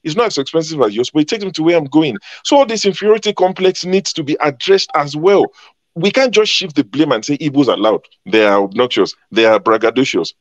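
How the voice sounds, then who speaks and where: A man's voice: fairly high pitch, lively intonation, fairly quick, no room sound, highs cut off. A man speaking as a panelist in a heated debate, emphatic and combative, repeating his points.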